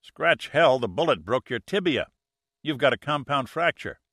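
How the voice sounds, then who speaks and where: A man reading a gruff, blunt rescuer's lines in an audiobook. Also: medium pitch, animated, normal speed, a bit bright, no room sound, studio quality.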